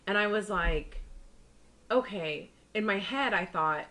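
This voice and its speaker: A young woman co-hosting a podcast speaks slowly with lively intonation and a sharp tone, though the audio is poor. Chatting casually, she acts out characters from her stories, swinging her pitch widely on their quoted lines.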